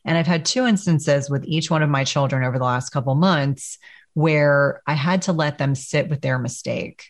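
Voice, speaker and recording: Measured middle-aged woman hosting a podcast. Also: sits low. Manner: reflective, measured talk with frequent affirmations. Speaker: podcast host. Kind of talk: podcast interview.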